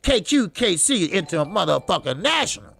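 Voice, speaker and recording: A loud, gravelly, profane boxing host. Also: male voice, sits high, sing-song, brisk. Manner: loud, profane, laughing often, shouting greetings to chatters. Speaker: boxing talk show host. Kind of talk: live-stream boxing talk.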